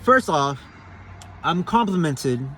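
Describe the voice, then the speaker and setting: A man's voice: fairly high pitch, animated, takes it slowly, fairly bright tone, a little hiss or hum. Earnest young-sounding man telling a story. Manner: conversational and earnest, casual slang, frequent fillers and restarts. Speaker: Catholic giving a personal testimony. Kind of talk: casual spoken testimony.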